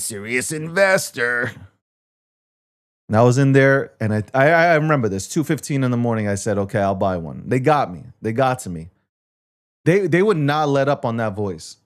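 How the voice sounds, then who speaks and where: A man hosting a casual market talk show, ranting in a profane, self-mocking way. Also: mid-range voice. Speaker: show host.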